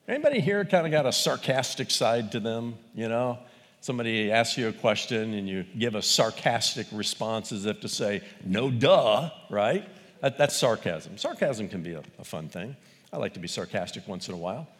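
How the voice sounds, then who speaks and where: Man, pastor, sermon, lively pitch, loud peaks and quiet asides, long hall reverb. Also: brisk.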